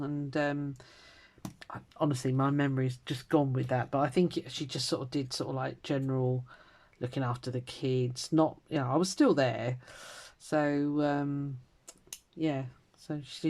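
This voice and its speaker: A woman in her fifties chatting casually at home as she stitches, rambling from story to story and trailing into quiet mutters. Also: a bass voice, fairly even intonation, moderate pace. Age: 50s. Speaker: crafter vlogger. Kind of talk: casual chat while stitching.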